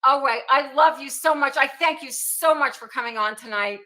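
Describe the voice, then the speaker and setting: A woman's voice: high-pitched, pushed and bright. A woman hosting a talk show, chatting in a casual, effusive way. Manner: effusive, quick to laugh. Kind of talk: casual interview chat.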